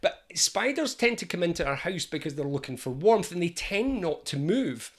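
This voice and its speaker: A middle-aged man coaching viewers on anxiety, talking straight to the camera. His voice sits a little high, and he keeps it animated and chatty, slipping in jokes as he goes. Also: normal speed. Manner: animated, jokey and conversational. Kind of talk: educational talk to camera.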